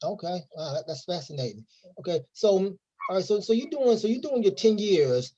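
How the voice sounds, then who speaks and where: A man's voice: sits high, big pitch swings, a little fast, warm tone, highs cut off. A man hosting an interview who asks long questions in a loose, rambling way and restarts his words. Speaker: interview host.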